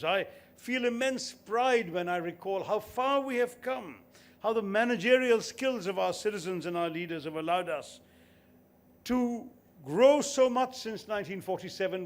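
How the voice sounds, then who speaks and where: A man in his sixties giving an eloquent, formal convocation speech with emphatic lists. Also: sits high. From India. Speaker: convocation speaker.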